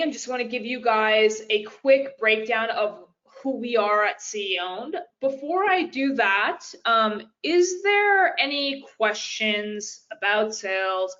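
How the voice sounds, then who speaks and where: A woman's voice: a little high, sharp tone. A woman business coach giving a live webinar presentation, talking directly and casually to her audience with frequent fillers. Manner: chatty and direct, addresses "you guys", frequent fillers. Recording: lo-fi webinar audio.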